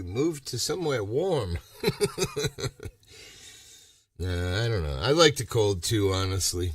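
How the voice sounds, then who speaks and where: A man's voice: mid-range voice, sing-song, takes it slowly, long pauses, breathy edge, no room sound, clean studio sound, far from the mic. A man from Massachusetts chatting on a casual livestream, rambling and ranting with a lot of swearing. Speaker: livestream host.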